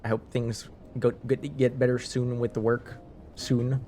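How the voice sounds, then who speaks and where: A man's voice: mid-range voice, little pitch movement, a little slow, mellow, a little hiss or hum. A man chatting casually with viewers on a live stream, rambling, laughing and restarting his sentences.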